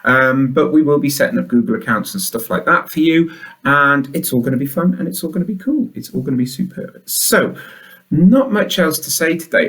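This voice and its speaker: A man's voice: fairly high pitch, expressive, brisk, a bit bright. A man hosting a school announcements show, upbeat and chatty, full of enthusiasm.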